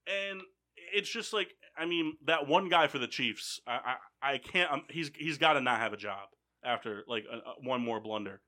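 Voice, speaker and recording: A man's voice: mid-range voice, moderate pace. A young man hosting a casual sports talk show, reading game recaps in an announcer style and then chatting loosely with lots of fillers. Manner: energetic announcer-style delivery in recaps, rambling with many fillers in chat. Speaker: sports podcast host.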